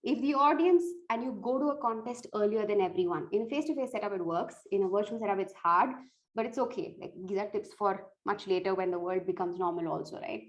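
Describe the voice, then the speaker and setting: Woman, public-speaking coach, earnest, direct, advice-giving, mid-pitched voice. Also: fast, low-quality recording. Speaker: speech contest coach. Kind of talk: talk giving evaluation contest tips.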